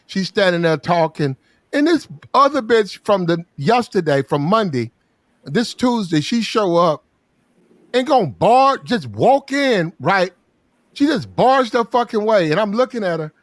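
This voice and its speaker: A man telling a crude story in casual podcast talk, loud and animated, swearing and acting out the quotes. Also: high-pitched, unhurried, dry recording.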